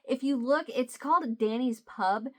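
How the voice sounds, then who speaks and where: A woman's voice: fairly high pitch, measured pace, darkish tone. Chatty woman telling a family story. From US Midwest. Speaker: vlogger. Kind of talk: casual chat.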